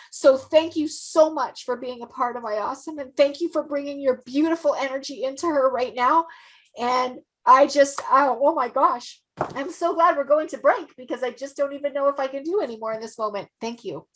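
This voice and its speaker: A woman's voice: high-pitched, fairly bright tone. A woman hosting an online event, gushing and effusive, repeating her praise. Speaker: event host.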